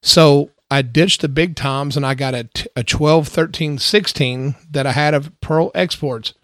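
A man's voice: fairly high pitch, unhurried, no room sound, studio quality. A middle-aged man, a drummer, chatting casually in his home garage, laid-back and self-mocking, often laughing. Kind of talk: casual chat.

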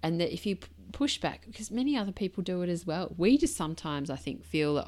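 Low-voiced reflective woman podcaster. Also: big pitch swings, fast, hardly any pauses, darkish tone. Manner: candid, reflective, conversational with many asides. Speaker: podcast host. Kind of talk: solo podcast monologue.

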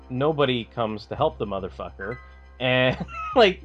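A man's voice: medium pitch, sing-song, normal speed, faint music behind. A man co-hosting a podcast, chatting casually in a rambling way with lots of fillers and swearing. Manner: rambling, filler-heavy, profane. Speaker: podcast co-host. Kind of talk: casual chat.

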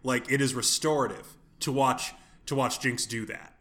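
A man's voice: medium pitch, fairly even intonation, normal speed, a bit bright. A man co-hosting a podcast, talking in a rambling, casual way, restarting his sentences and swearing offhandedly. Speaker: podcast co-host.

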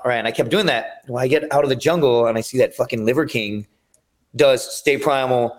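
A man's voice: mid-range voice, a little fast. A man talking as a podcast guest, telling long rambling stories with lots of swearing. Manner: rambling, profane storytelling. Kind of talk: casual chat.

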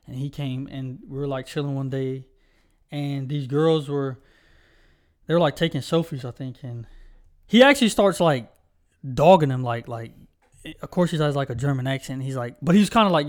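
A young man with a slightly high voice chats casually as a podcast co-host. He rambles through stories, leaning on fillers and restarts. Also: normal speed. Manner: rambling storytelling with many fillers. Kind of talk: casual chat.

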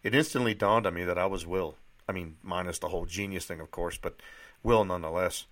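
A man's voice: sits low, fairly quick, fairly bright tone. A man reading his personal memoir aloud in a candid, reflective way, with occasional restarts.

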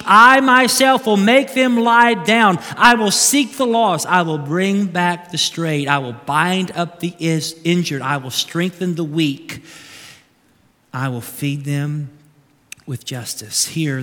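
A man preaches to a large congregation, his voice set high and ringing bright. He builds toward animated, emphatic peaks. The sound carries the long reverb of a big church hall. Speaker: pastor. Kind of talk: sermon.

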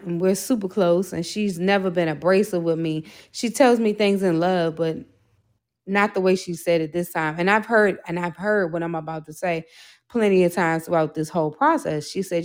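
A woman's voice: fairly low pitch, darkish tone. A woman sharing a candid personal faith testimony as a podcast guest, earnest and full of "you know" fillers.

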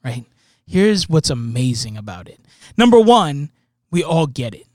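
A man with a notably high speaking voice talks through a film review in loose, rambling chat. He keeps checking in with "right?" as he goes. The sound is dry and close, with no room around it. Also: big pitch swings, a little slow, darkish tone, no echo. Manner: rambling, tags points with "right?". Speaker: podcast co-host. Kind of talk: casual movie review chat.

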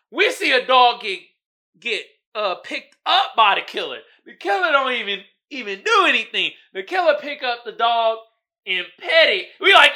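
A man hosting a podcast, recapping a horror movie and reading memes in a casual, animated monologue, swearing freely and breaking into loud shouted impressions. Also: very high-pitched, moderate pace. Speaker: podcast host.

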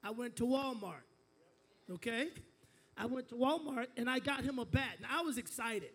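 A man's voice: very high-pitched, moderate pace, fairly bright tone, breathy edge. A man preaching a sermon as pastor, telling a family story, stumbling into restarts and calling on the congregation to repeat after him. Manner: storytelling with call-and-response to the congregation; frequent stammered restarts.

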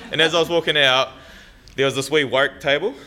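A man's voice: on the high side, steady tone, fairly quick, bright, forceful tone. A young man with a New Zealand accent telling a blunt, swearing, laughing story to an audience. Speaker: farmer speaker.

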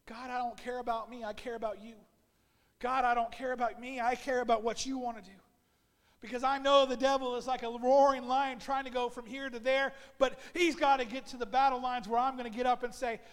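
A male pastor preaching a fervent sermon, repeating his calls and building up to shouts. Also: extremely high pitch, level tone, a little fast, long reverb tail. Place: church sanctuary.

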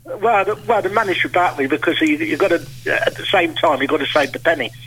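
A man's voice: fairly high pitch, fast talker, over a noisy crowd, rough recording. A man, a regular guest on a local radio show, chatting casually and often repeating and restarting his words. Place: local radio studio, on the phone.

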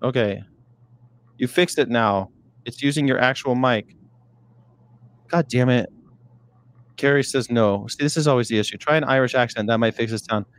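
A man's voice: mid-range voice, normal speed, pauses often. A man co-hosting a podcast in casual chat, joking and swearing while he troubleshoots his earphone mic. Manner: profane, joking banter. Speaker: podcast co-host.

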